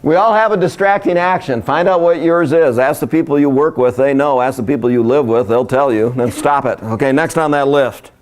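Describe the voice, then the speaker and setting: A man's voice: medium pitch, brisk, few pauses. A man giving a live seminar presentation, joking and speaking directly to his audience. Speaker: workshop speaker.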